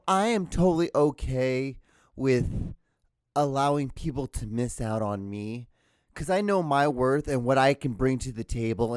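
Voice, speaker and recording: A man's voice: mid-range voice, a little mellow, dry recording. A man hosting his own solo podcast, rambling and ranting with crude, profane jokes into a close mic. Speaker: podcast host. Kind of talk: solo comedic rant podcast.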